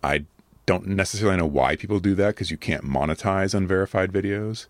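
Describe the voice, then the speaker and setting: A man with a very deep, slightly rough voice, earnest and measured, answering viewer comments in casual commentary. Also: dry recording. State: a little rough from allergies. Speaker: adult video creator answering comments.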